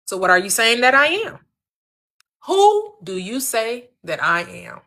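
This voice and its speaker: A woman's voice: mid-range voice, very animated, normal speed, sharp tone. A woman giving a spiritual teaching in an emphatic, preacherly cadence, repeating phrases and asking rhetorical questions.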